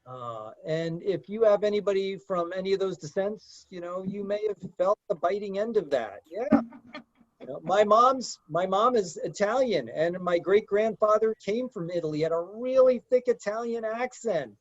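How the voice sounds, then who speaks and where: A man's voice: sits high, animated, moderate pace, dry recording. A man leading a group discussion in a conversational lecture style. He talks hesitantly, with many fillers. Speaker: discussion leader. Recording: dull lo-fi dry sound.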